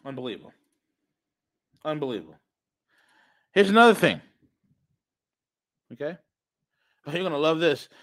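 A man's voice: on the high side, expressive, normal speed, long pauses, fairly bright tone, no room sound, poor audio. A man hosting a podcast, delivering a sarcastic, mocking political monologue with emphatic bursts. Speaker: podcast host.

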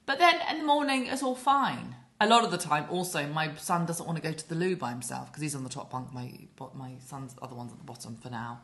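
A woman's voice: sits low, fast, hardly any pauses. A woman in her thirties co-hosting a podcast, telling stories animatedly and swearing as she goes. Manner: animated storyteller, swears, acts out quotes. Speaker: podcast co-host. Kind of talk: casual chat.

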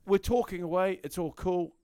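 A man's voice: sits high, normal speed, clean tone, no room sound, studio quality. A man co-hosting a casual podcast, telling a story with lots of energy and acting out the quotes. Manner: animated anecdote-telling, acts out quotes loudly. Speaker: podcast co-host.

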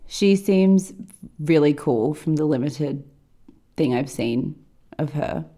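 A woman's voice: low-pitched, animated, slow, mellow. A woman in her late twenties co-hosting a podcast, teasing her friend in a playful, rambling way. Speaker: podcast co-host. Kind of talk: casual chat.

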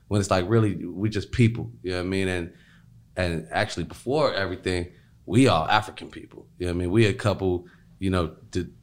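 A man talking in a loose, rambling casual chat, full of fillers and repeats. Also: low-pitched. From Chicago.

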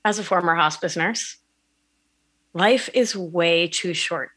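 A woman guest on a podcast, talking in an animated way about mindfulness and often asking "right?". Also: on the low side. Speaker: podcast guest, wellness coach. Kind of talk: conversational interview.

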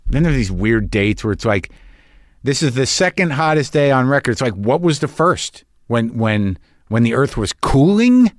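A man's voice: mid-range voice, big pitch swings, normal speed, no room sound, studio quality. A man hosting a podcast, talking in a wry, anxious, profane ramble. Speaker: podcast host. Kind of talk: rambling casual monologue. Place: lives on the West Coast.

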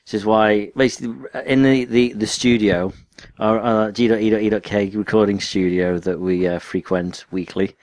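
A young man with a northwest English accent from near Liverpool chats loosely on a podcast, tumbling through self-mocking stories. His voice sits on the low side. The recording is close and dry, with no room sound. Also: fairly even intonation, moderate pace, a little mellow, no room sound. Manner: rambling, self-mocking banter. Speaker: podcast co-host. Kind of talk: casual chat.

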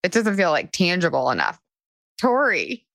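A woman with a fairly low voice hosts a casual panel podcast. She talks in an enthusiastic, chatty way and swears casually, and the sound is dry and close. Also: normal speed, a bit bright, no room sound. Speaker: podcast host and coach.

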